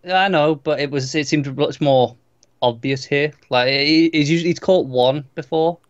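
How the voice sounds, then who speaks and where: A man co-hosting a podcast in casual chat, halting and repeating words as he gets going. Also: fairly high pitch, clean tone, no room sound, lo-fi sound. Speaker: podcast co-host.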